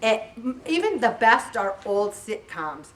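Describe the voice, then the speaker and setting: Middle-aged woman chatting away, laughing a lot, kinda high voice, mic a bit far off w faint hiss. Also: unhurried. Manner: animated, laughs often while telling stories. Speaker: faith group speaker. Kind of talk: casual motivational talk.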